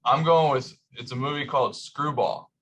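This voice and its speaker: Guy on a podcast, average pitch, halting chatty delivery with little laughs. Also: fairly even intonation, a bit bright, a little hiss or hum. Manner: chuckling, halting storyteller. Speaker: podcast co-host. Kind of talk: casual chat.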